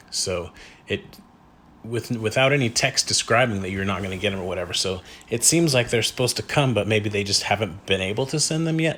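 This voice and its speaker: A man's voice: fairly low pitch, a bit bright, slight background noise. A man hosting a casual unboxing vlog at home, talking in a wry, self-deprecating way as he thinks aloud. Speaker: collector and channel host.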